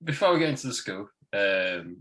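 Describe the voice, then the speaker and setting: Bright-voiced host, laughing often. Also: male voice, lowish voice, big pitch swings, poor audio. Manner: laughs often, quick and teasing. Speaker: podcast host. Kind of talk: casual chat.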